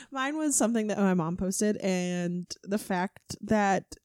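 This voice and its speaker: A woman's voice: medium pitch, slow pace, darkish tone, smooth, no echo, clean studio sound. A woman in her twenties co-hosting a podcast, telling a story with laughs and fillers. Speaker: podcast co-host. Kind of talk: casual chat. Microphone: podcast mic.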